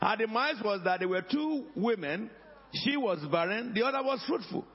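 High-voiced preaching man in an echoing hall. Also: animated, normal speed, husky, highs cut off. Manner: preaching call-and-response, rising to shouts. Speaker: pastor. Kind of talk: sermon. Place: church hall.

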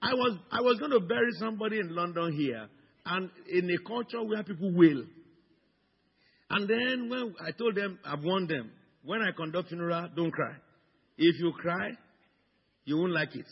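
Husky, gravelly preacher man in a reverberant hall. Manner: swings from low murmurs to loud, high exclamations. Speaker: pastor. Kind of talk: sermon. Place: church in London. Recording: dull sound with long hall reverb.

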